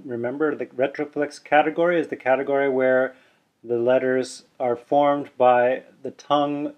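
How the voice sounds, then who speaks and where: A man gives a patient, chatty pronunciation lesson on camera. He explains each sound and says it aloud, and sometimes stops to correct himself. His voice sits at a middling pitch, and the audio has the dull, muffled sound of a simple video recording. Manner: self-correcting, casually chatty. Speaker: language teacher. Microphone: camera mic, seen on video.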